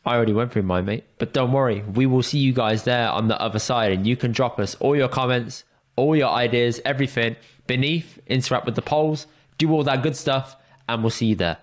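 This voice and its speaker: A man co-hosting a podcast, running the intro and teasing his co-host in a brisk, blunt way. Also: mid-range voice. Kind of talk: casual chat.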